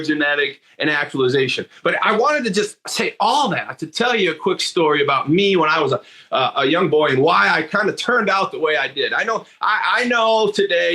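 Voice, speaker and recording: A man's voice: fairly high pitch, sharp tone. Earnest older man telling a story. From Michigan, USA. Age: 60s. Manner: earnest, with frequent restarts and repeated words. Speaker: motivational speaker. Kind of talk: personal storytelling monologue.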